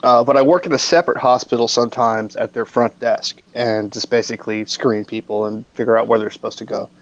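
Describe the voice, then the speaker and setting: A man casually telling a funny workplace story on a live stream, lively and swearing freely. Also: medium pitch, fairly quick, muffled recording.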